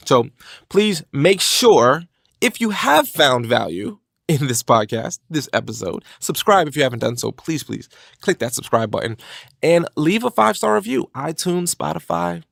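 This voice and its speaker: A man hosting a motivational podcast, talking in an energetic, casual way with slang. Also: fairly high pitch, gravelly, no room sound, studio quality. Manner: energetic, animated, conversational with slang. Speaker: podcast host.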